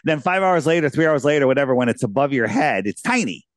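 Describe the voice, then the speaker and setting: A man's voice: mid-range voice, big pitch swings, quick pace, no echo, clean studio sound. A man being interviewed as a guest, telling casual, rambling anecdotes with lots of restarts.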